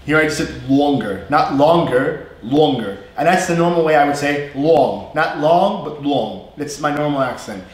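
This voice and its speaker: A man with a North Jersey and New York accent, co-hosting a casual live English lesson, chatty and quick to laugh. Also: a little high, very echoey. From US East Coast, North Jersey/New York area. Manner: chatty, laughs often, stretches vowels to demonstrate.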